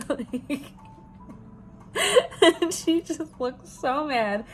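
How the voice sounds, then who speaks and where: A woman's voice: on the high side, takes it slowly, slight background noise. Stuffy, nasal woman vlogger. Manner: laughs often, swears casually. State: stuffy nose from allergies. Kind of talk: casual storytime vlog.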